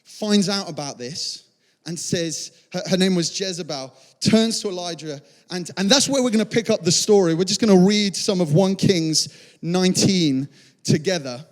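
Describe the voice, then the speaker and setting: A young man preaches a sermon, spinning the story with animated voices for each character. His voice sits high and bright. Long church-hall reverb trails every phrase. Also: moderate pace. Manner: animated storytelling, acts out quotes. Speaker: pastor.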